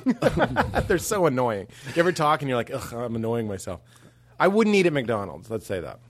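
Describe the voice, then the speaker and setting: A male comedian trading playful riffs on a podcast, with dry asides in between. His pitch is lively and moves around a lot as he banters. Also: a little fast, breathy edge. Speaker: comedian guest. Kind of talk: casual comedy chat.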